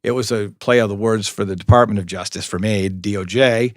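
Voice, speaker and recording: Man, middle-aged, low voice, dry humor, rambling anecdotes, dry close recording. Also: steady tone, a little fast, no echo. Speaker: police public information officer, guest. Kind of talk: storytelling interview.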